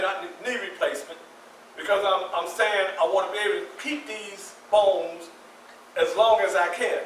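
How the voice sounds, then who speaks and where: A high-voiced, bright older man in his sixties tells a personal story live to an audience, acting out the scenes as he goes. He sounds like he is in an echoey room, caught by a distant mic with faint ambience behind him. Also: a little hiss or hum. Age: 60s. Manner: animated, acts out scenes with voices and shouts. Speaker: featured storyteller. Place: community center hall.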